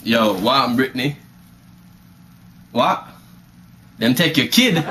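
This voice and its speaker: A man's voice: a little high, big pitch swings, moderate pace, long pauses, heavy background noise. Teasing man with Jamaican patois. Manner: laughing, teasing, swooping delivery. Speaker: comedic prank caller. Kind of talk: comedic phone-call sketch. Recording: loud music behind.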